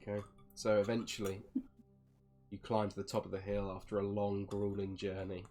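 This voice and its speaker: A man running a tabletop game as dungeon master, narrating in a relaxed way with many fillers. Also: on the low side, moderate pace, soft background music.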